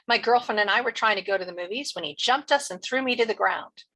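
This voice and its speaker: A woman reading aloud as a smug teenage boy telling a convincing lie, her voice husky. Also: mid-range voice, quick pace, a bit bright, rough recording.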